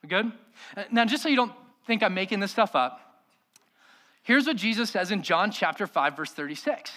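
A man's voice: high-pitched, lively intonation, moderate pace, pushed and bright. A man preaching a sermon as pastor, emphatic and full of rhetorical questions to the congregation.

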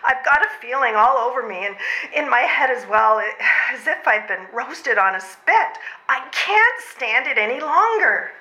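A woman's voice: high-pitched, expressive, unhurried, sharp tone, full character voice. A woman plays a worn-out, frantic mother and civil servant in a live stage comedy reading, overwrought, sighing and out of breath. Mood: desperate pleading. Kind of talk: readers' theatre stage comedy. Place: old train station before a live audience. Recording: roomy hall sound.

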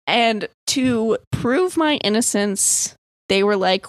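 A young woman from the US East Coast casually tells friends a story, chatty and slow, saying "like" constantly, swearing, and laughing mid-sentence. Her voice is slightly high and animated, and the recording is dry.

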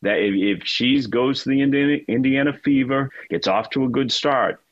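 A man's voice: medium pitch, normal speed, no room sound, lo-fi sound. A man with a Boston accent, a sports commentator guest telling stories in an emphatic, chatty way on a radio chat.

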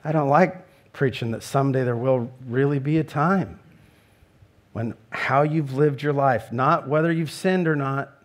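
A man's voice: mid-range voice, measured pace. A middle-aged man preaching a sermon in an earnest way, rising into emphatic questions. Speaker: pastor.

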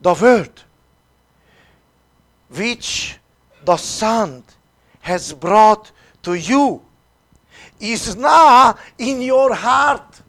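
A man whose voice sits high leads a retreat as a priest, reading his sermon with slow deliberation. He leaves long pauses and lets his delivery swing dramatically between loud and quiet.

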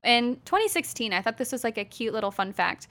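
A woman co-hosting a podcast, recounting history in a relaxed chatty way with lots of fillers and casual swearing. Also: a little high, brisk. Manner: laid-back, fillers and laughs, swears casually. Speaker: podcast co-host.

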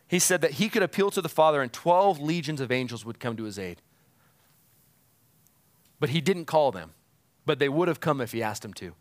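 A pastor's sermon leads listeners through scripture, delivered with earnest conviction in a slightly bright voice pitched a little high for a man that climbs to emphatic peaks. There's no echo; the sound is dry and close-miked with no room around it.

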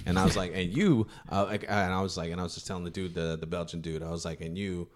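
A man with a fairly low voice spins a rambling road-trip story in loose podcast chat. He swears freely, acts out his own lines, and breaks into laughter as he goes. He grew up in South Sacramento. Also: steady tone, fast talker. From South Sacramento, California. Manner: profane, laughs often, quotes himself. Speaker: podcast guest telling a story.

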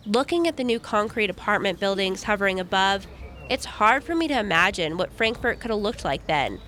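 A young woman from the United States narrating a radio feature report in a calm, measured first-person voice. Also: mid-range voice.

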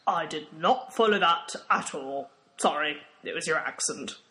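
A man's voice: on the high side, unhurried, bright, forceful tone. A young man playing a dry, sarcastic, skeptical volunteer in a comedy sketch.

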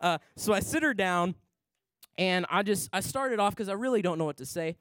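A man's voice: sits high, moderate pace, dry recording. A young man preaching a sermon in a large church, telling stories and acting out the voices in them. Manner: animated storyteller, acts out voices. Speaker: pastor. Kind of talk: sermon with storytelling. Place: large church worship center.

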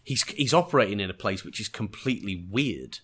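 A man's voice: on the low side, expressive, brisk, fairly bright tone, slightly rough. A man with an English accent chatting on a podcast about a TV episode, enthusiastic and reflective, often searching for his words. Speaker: podcast co-host. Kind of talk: casual chat reviewing a TV episode.

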